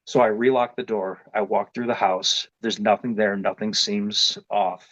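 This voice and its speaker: A man's voice: lowish voice, unhurried, dry recording. A man telling a personal story in a casual, rambling way, with many restarts and fillers. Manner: grows more animated and louder as the story builds. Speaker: interview guest telling his experience. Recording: dull lo-fi dry sound.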